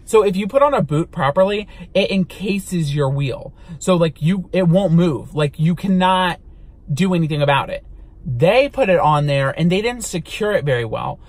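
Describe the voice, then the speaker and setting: A young man with a high voice tells a dramatic story in his car-vlog storytime. He talks with lots of energy and theatrical emphasis. He swears casually as he goes. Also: moderate pace, no room sound. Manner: animated, dramatic retelling with swearing. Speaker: vlogger. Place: inside a car.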